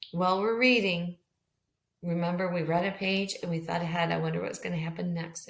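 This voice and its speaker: A woman teacher reads a picture book aloud to young children, her voice carrying a slight gravel. She keeps it gentle and expressive and stops often to ask the class what comes next. The room around her is echoey. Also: lowish voice. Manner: gentle, expressive storybook reading with questions to children. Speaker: kindergarten teacher. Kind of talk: read-aloud storytime lesson.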